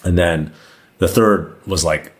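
A man's voice: deep voice, slow pace. A man as a podcast guest, telling a long personal story in a casual, rambling way with lots of "like" fillers.

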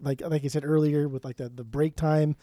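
A man's voice: fairly high pitch, fairly even intonation, a little fast, warm tone, no room sound, studio quality. A man co-hosting a casual podcast, talking enthusiastically, swearing often and breaking into sung snippets. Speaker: podcast co-host. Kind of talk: casual chat.

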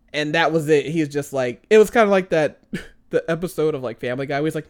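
A man co-hosting a casual movie review chat, rambling and animated, slipping into voices when he quotes characters. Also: on the high side, fairly quick. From American Midwest. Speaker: podcast co-host.

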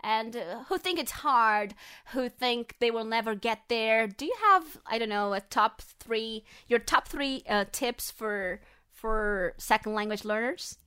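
A woman's voice: fairly high pitch, a little slow, pushed and bright, clean tone. A woman co-hosting a casual chat, bubbly and playful, often laughing. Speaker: podcast co-host.

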